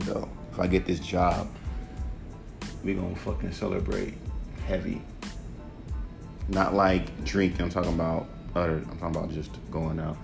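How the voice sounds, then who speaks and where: A man hosting his own podcast, ranting casually and profanely about rap and his music with emphatic, animated delivery. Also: low voice, creaky. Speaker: podcast host and rapper. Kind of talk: casual solo podcast rant.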